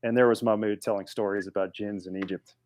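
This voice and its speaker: A man in his forties, a podcast guest telling a story in a casual, animated way with frequent restarts. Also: on the low side, fast talker. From United States.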